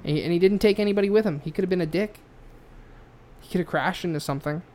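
Cursing freely, this podcast co-host spins an animated story in casual chat, his feeling building as he goes. He talks fast in a high-pitched voice.

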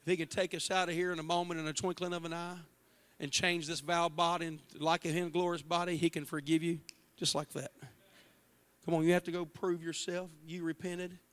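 A male pastor preaching a passionate sermon in a church, moving from hushed words to shouts, with a Midwestern American accent. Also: fairly high pitch, level tone, fairly quick, clear, resonant tone. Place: church sanctuary.

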